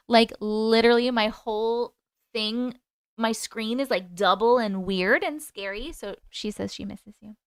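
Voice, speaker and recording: A woman hosts a casual live stream in a bright, high, clear voice, thanking viewers and reading their comments out loud. Her chatty delivery is recorded close and dry, with no room sound. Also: no echo. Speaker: host reading chat on a livestream.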